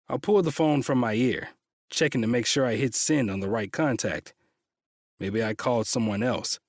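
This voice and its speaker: A man's voice: mid-range voice, normal speed, dry recording, clean studio sound. Man narrating a tense audiobook. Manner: tense, frustrated, swears. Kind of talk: first-person romance audiobook narration.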